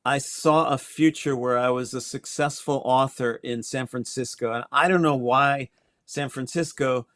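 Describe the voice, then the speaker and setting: A man's voice: medium pitch, steady tone, normal speed, a bit bright, dry recording. An older man from Connecticut, a guest astrologer, telling his story in a reflective way with small restarts. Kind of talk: interview conversation.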